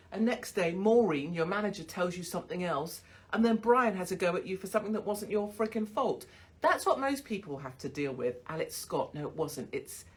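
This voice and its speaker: A woman's voice: mid-range voice, breathy edge. A woman hosting a casual livestream from a hotel room on her phone, swearing bluntly and mocking people with frequent laughter. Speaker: livestream host.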